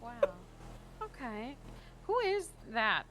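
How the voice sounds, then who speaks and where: A woman's voice: on the high side, very animated, takes it slowly, sharp tone, slight background noise. A woman chatting in character in a roleplay, incredulous and reacting with short exclamations.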